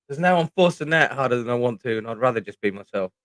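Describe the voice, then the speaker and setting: A man's voice: medium pitch, a bit bright, no room sound. A middle-aged man with a British accent, chatting casually on a livestream, rambling and swearing freely. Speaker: livestream host.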